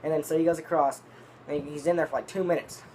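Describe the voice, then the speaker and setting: A man's voice: a little high, fairly even intonation, quick pace, a little mellow, slight background noise. Rambling, profane young-sounding man. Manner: rambling, profane, restarts often. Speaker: vlogger reviewing dip tobacco. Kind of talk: casual rambling storytelling.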